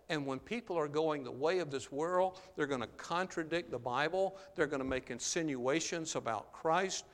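Guy preaching a sermon, earnest, keeps saying "uh... there", big echoey church hall. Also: on the high side. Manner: earnest, frequent "uh" and "there" tags. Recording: long hall reverb.

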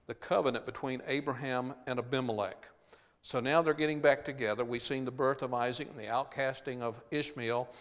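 A man's voice: medium pitch, in a large hall. A man preaching a sermon, reading scripture aloud and then explaining it plainly with the odd uh. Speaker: pastor.

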